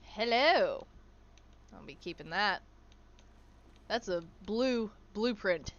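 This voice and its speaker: A woman's voice: medium pitch, lively intonation, slow, fairly bright tone, highs cut off. A woman streaming a survival game, chatting casually, swearing freely and cooing at her in-game animals. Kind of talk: casual gameplay commentary.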